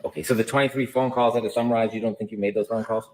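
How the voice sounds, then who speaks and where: Fast, pressing courtroom lawyer man. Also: fairly low pitch, fairly even intonation, darkish tone, rough recording. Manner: pressing, pointed questions. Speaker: attorney. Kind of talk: courtroom cross-examination.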